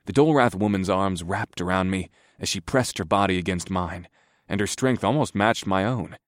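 A male narrator reading a first-person fantasy audiobook, steady and even in his storytelling. His voice sits low, and the recording is close and dry, with no room sound. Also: normal speed, no room sound.

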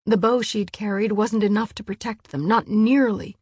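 A woman narrating an audiobook in a hushed, measured storytelling voice. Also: medium pitch, steady tone, breathy edge, no echo. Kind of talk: scripted narration.

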